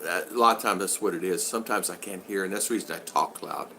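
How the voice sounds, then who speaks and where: A man's voice: low voice, fast talker, pushed and bright, slight background noise. An older man hosting a casual live-stream vlog, rambling along and reading out viewer comments. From United States. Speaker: vlog host.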